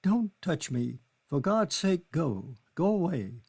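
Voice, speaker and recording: A man's voice: medium pitch, lively intonation, measured pace, vocal fry, a little mellow, slightly rough, pitched above the performer's own voice, full character voice. A man reading an audiobook, voicing a grief-stricken young Englishwoman who sobs, pleads and lashes out. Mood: anguished. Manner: sobbing, pleading, furious.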